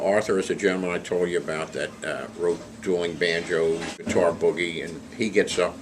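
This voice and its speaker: A man telling anecdotes about a roast, animated and chuckling as he delivers the jokes. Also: deep voice, background noise. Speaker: storyteller recalling a celebrity roast. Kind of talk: anecdotal storytelling.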